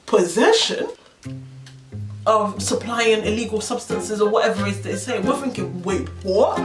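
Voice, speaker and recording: A woman's voice: medium pitch, moderate pace. A young woman, telling a story to camera and acting out the quotes with slang. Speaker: vlogger. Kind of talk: storytime vlog. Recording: roomy sound from a distance with music.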